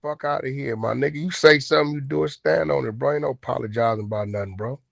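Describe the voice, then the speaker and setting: Man, host, naturally loud, aggressive, blunt, lo-fi dry audio. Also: medium pitch, quick pace, creaky, dry recording. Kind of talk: heated casual chat. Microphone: online audio room.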